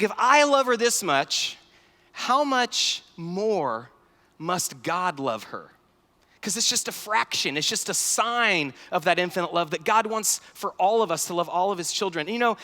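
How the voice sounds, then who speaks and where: Animated male speaker in a big hall. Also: high voice. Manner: animated storytelling, acts out dialogue. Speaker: youth conference speaker. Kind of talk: sermon-style talk with stories. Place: large conference hall. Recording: large hall reverb.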